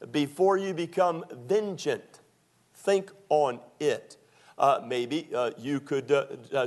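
A man preaching a sermon in a folksy, conversational way, with many fillers, quoting scripture and asking the congregation to answer. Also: medium pitch. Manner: quotes scripture and asks the congregation to respond. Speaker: pastor.

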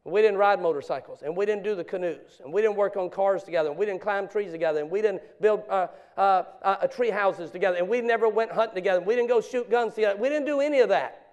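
Middle-aged male preacher with a high voice; sermon delivery that drops to hushed storytelling, then rises to shouted exhortation. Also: quick pace, few pauses. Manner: swings from quiet confessional storytelling to loud preaching. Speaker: pastor.

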